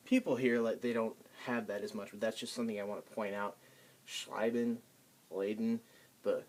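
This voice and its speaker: A man giving a casual pronunciation lesson, halting with many ums and restarts. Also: on the low side, darkish tone. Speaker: language tutor.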